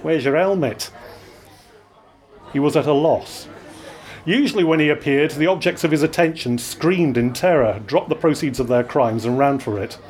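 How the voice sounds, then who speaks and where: A man reading a story aloud to an audience, with wry, expressive narration. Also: a little high, moderate pace. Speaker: reader. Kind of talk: live reading of his own story.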